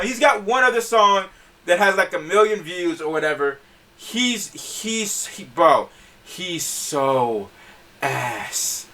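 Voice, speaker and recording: A male podcast host who keeps breaking into laughter and tripping over his restarts. His voice sits high and swings widely in pitch. It sounds bright and a little distant from the microphone. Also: takes it slowly. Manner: laughs often, stammers and restarts, animated. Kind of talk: casual podcast chat.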